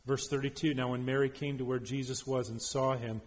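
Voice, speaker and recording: Expressive preacher in a reverberant hall. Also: male voice, mid-range voice, fairly quick. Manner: expressive, swings between loud emphasis and soft hushed passages. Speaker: preacher and professor. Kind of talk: sermon.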